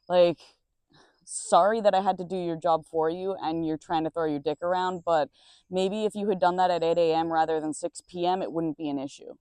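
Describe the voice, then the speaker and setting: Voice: medium pitch, a little mellow, clean tone, no room sound. Blunt, rambling young adult, dry close sound. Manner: rambling and blunt, swears freely. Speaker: nursing assistant. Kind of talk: casual storytime monologue. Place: outdoors with crickets around.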